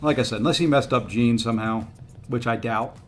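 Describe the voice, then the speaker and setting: Faint music plays behind this man as he streams a mobile fighting game, offering casual commentary. He talks at a fairly quick clip in a medium-pitched voice, ruefully addressing himself and his chat while coaxing the other player.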